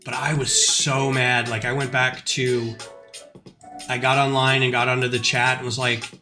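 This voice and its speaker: A man's voice: medium pitch, normal speed, over music. A man chatting casually on a livestream while designing brick models. He rambles through stories and mutters asides to himself as he works. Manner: rambling, animated storytelling mixed with muttered asides.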